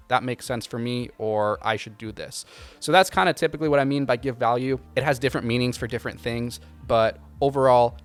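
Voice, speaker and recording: A man hosting a casual question-and-answer video, giving relaxed, conversational advice with frequent ums and uhs. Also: mid-range voice. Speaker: video production channel host.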